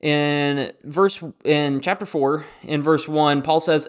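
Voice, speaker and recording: A young man hosting a Bible study podcast, talking in a relaxed, conversational way with plenty of fillers and restarts. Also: on the high side, takes it slowly, smooth. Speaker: Bible teacher and podcast host. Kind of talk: casual Bible study talk. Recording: slightly dull lo-fi audio.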